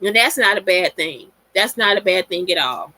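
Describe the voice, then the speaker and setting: Blunt, foul-mouthed woman host, bright voice. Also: fairly low pitch, animated, normal speed, no room sound. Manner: blunt and profane, talks straight to listeners. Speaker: podcast host. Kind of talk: casual monologue answering listener questions.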